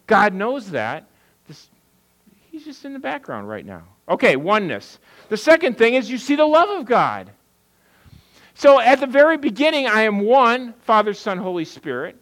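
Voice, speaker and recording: Lively conversational male pastor preaching. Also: sits high, poor audio. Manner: conversational preaching, asks and answers his own questions. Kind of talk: sermon.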